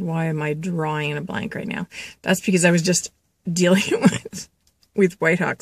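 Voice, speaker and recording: A woman's voice: on the low side, creaky, dry recording. A woman doing a spiritual reading vlog, chatty and laughing, passing on a spirit's messages and calling her listeners children. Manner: chatty, laughs and coughs between thoughts. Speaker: intuitive reader.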